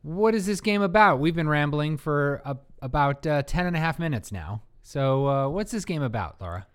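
A man's voice: a little high, expressive, normal speed, clean tone. Joking man co-hosting a board game podcast. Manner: joking, rambling, self-mocking. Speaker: podcast co-host. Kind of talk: casual chat about board games.

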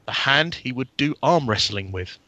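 A man's voice: mid-range voice, animated, normal speed, pushed and bright, no room sound. A man co-hosting a podcast, chatting eagerly and spinning theories about a TV show. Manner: enthusiastic, theorizing. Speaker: podcast co-host. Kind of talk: casual chat.

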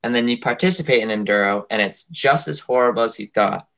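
A man's voice: mid-range voice, fast, gravelly, a loud crowd. A man in casual chat, telling a long joking story and acting out the quoted voices of other people along the way.

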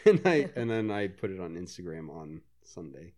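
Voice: low voice, sing-song, moderate pace, warm tone. A podcast co-host chatting casually during a movie, laughing and poking fun at themselves. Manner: laid-back, laughing, self-mocking banter. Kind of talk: casual movie-watching commentary.

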